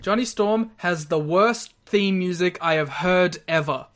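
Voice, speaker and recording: A man's voice: high voice, unhurried, a bit bright. Man, podcast co-host, casual wrestling review chat, giggly, blunt.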